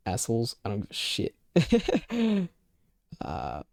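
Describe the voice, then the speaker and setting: A man's voice: fairly low pitch, expressive, moderate pace, darkish tone, no room sound, clean studio sound. A young man telling a personal story in a loose, rambling way, swearing often and leaning on filler phrases. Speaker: vlogger. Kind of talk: casual storytime.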